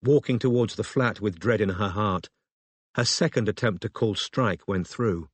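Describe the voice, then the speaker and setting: A man reading an audiobook in a steady, measured storytelling manner. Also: fairly low pitch, breathy edge, no room sound. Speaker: audiobook narrator. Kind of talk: scripted audiobook narration.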